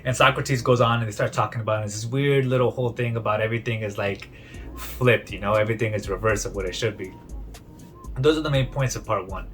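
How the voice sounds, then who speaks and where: A man's voice: fairly low pitch, fast, fairly bright tone, soft background music. A young man casually summarizing a book he read, in a chatty retelling full of "he's like" and restarts. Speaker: book reviewer.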